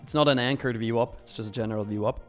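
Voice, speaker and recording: A man's voice: medium pitch, steady tone, quick pace, faint music behind. A young man hosting a live stream, casually reading viewer messages aloud and answering them. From Switzerland. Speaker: live-stream trading host.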